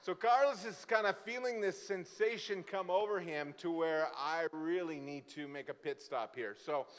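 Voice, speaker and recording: A man from Brazil preaches as a guest pastor and tells a comic story, acting out its people as he goes. His voice sits a little high for a man. The sound rings with the long reverb of a church hall. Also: moderate pace. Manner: lively, joking storyteller who acts out the characters. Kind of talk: sermon with storytelling. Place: church sanctuary.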